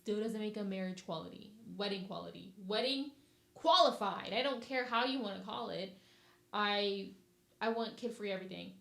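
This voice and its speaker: Medium in pitch with vocal fry and a moderate pace, this young woman hosts a casual podcast. She rants about her upcoming wedding with blunt, animated energy, and the room sounds echoey.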